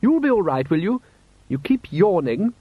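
A man doing a high, fussing aristocratic wife. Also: big pitch swings, moderate pace, dry recording. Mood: fondly scolding. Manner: coaxing, gently scolding. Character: fussy, proud aristocratic wife. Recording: dull, slightly lo-fi.

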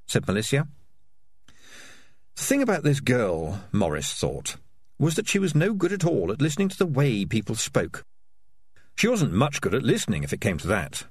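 Male storybook narrator, husky, very varied pitch, dry close mic. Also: wildly swooping pitch, normal speed, pauses often, no echo. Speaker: audiobook narrator.

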